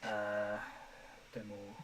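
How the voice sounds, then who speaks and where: A man's voice: on the low side, monotone, very slow, fairly bright tone, recorded from a distance, slight background noise, low-quality recording. A young man chatting casually while animating live from his home room, self-deprecating and laughing often, his throat a little dry. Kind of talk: casual live-stream chat. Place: home room, window open.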